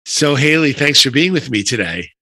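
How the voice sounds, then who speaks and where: A man with a New York accent hosting a podcast interview, chatty and animated, with dry humor. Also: medium pitch, moderate pace, no room sound. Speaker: podcast host.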